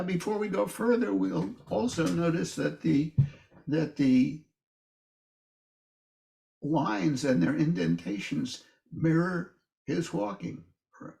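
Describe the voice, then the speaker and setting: An older man teaching an informal poetry class. He talks in a thoughtful, halting way with many restarts and fillers. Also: sing-song, creaky, dark tone, reverberant. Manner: livelier and higher when reading verse aloud.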